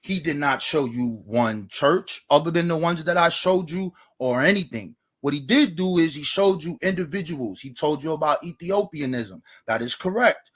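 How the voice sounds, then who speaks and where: A man's voice: a little high, lively intonation, moderate pace, hardly any pauses, fairly bright tone. A man giving a debate rebuttal, arguing point by point and reading passages aloud from books. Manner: reads quotes from books, argumentative.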